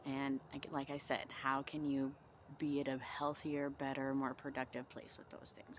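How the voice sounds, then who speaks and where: A woman vlogging outdoors in the cold, talking through reflective self-help questions in a gentle, encouraging way. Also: rumbling low, level tone, normal speed, slight background noise.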